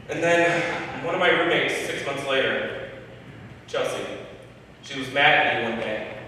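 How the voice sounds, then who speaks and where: A man tells stories on a comedy club stage, his voice bright and pushed forward. He swears freely and works the crowd between bits. The sound comes from across a big, echoing hall with a long reverb tail. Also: mid-range voice, a little hiss or hum. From Michigan, US. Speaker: stand-up comedian. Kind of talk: stand-up set. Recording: echoey hall from far off.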